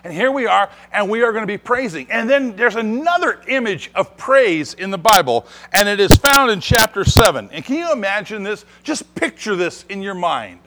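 Animated, bright-voiced male preacher. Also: high voice, moderate pace, hardly any pauses. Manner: animated preaching, rising to emphatic declarations. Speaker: pastor. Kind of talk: sermon.

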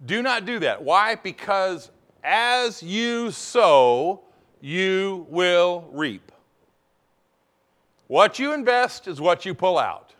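A male pastor delivering a sermon in a fairly high voice that rises and falls with lively swings. He mixes playful asides with slow, deliberate emphasis on the key phrases.

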